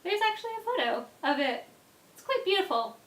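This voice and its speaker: A young woman vlogger telling a casual story in an animated way, often dropping into quiet asides. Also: very high-pitched, fairly quick, echoey room.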